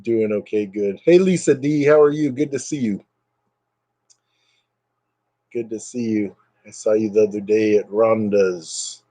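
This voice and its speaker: A man hosting a casual livestream, low on energy and a bit fried in the voice, rambling as he answers viewers' comments. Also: a little slow, pauses often, dark tone, no echo. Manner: rambling and chatty, reading out viewer comments, drifting into brief impressions. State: low energy, recovering from illness. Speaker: livestream host chatting with viewers. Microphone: computer webcam mic.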